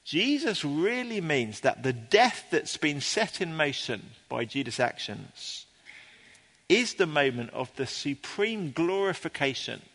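A man preaching a sermon to a congregation in an earnest, explaining way, sometimes pausing with ums and restarting his sentences. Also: a little high, sing-song, a bit bright, in a large hall. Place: church before a congregation.

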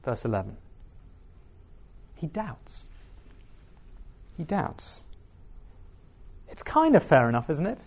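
A man's voice: a little high, huge pitch swings, takes it slowly, long pauses, darkish tone, husky. A man preaching a sermon, reading scripture aloud and asking the listeners questions.

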